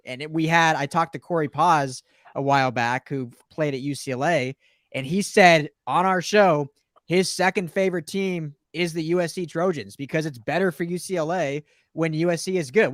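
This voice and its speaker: A man's voice: fairly high pitch, a bit bright, dry recording. Dry-sounding male podcast co-host. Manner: loose, joking, rambling. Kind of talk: casual sports talk.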